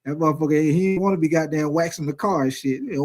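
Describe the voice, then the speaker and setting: High-voiced man ranting about sports. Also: fast, hardly any pauses. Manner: profane, animated storytelling with lots of swearing. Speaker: sports video host. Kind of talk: casual sports commentary rant.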